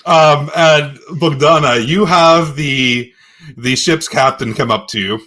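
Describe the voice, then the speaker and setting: Guy running a dnd game, bit higher voice, keeps stalling and restarting. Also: sharp tone. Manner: halting, full of fillers and restarts. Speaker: game master. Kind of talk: narrating a tabletop game.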